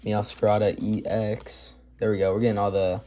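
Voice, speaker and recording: A man's voice: lowish voice, flat delivery, normal speed, a little mellow. A man hosting a casual card-opening video, upbeat and chatty, rattling off card names as he goes. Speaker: card collector video host. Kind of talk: casual pack-opening commentary.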